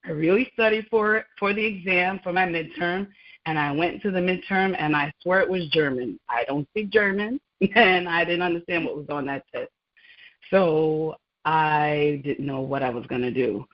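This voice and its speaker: A woman's voice: fairly low pitch, moderate pace. A woman guest on a radio interview, telling her story with animation, laughing often and acting out dialogue. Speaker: guest, laboratory scientist. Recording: muffled lo-fi sound.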